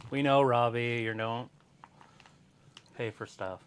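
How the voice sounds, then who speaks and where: A man's voice: medium pitch, steady tone, slow, slight background noise. A man co-hosting a wrestling watch-along stream, trading casual teasing banter and laughing often.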